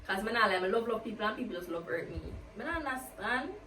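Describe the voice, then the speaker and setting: Casting: woman vlogger, chatty Q&A, mid pitch, recorded a little off-mic in a roomy space. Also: expressive, fast talker, pushed and bright, a little hiss or hum. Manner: chatty, peppers talk with "like", slips into patois. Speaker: YouTuber. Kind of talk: casual get-to-know-me Q&A. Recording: roomy, distant from the mic, faint ambience.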